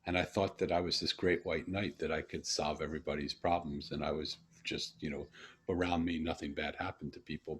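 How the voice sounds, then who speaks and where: A middle-aged man telling a personal story in conversation, earnest and reflective, pausing and restarting as he goes. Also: extremely low pitch, fairly bright tone, breathy edge. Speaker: host.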